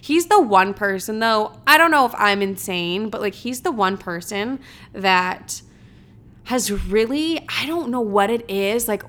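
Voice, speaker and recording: A woman's voice: medium pitch, lively intonation, measured pace, a bit bright. A young woman hosting a podcast alone, chatting casually and dramatically, swearing and filling her talk with "like". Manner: chatty, dramatic, swears freely, many fillers. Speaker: podcast host. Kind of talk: casual solo chat.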